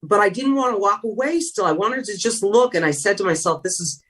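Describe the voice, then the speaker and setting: A middle-aged woman from California, once a sideline reporter, tells stories earnestly in an interview, often trailing off and restarting. Her mid-range voice is animated, fairly bright, and a little fast. The talk is emotional and reflective.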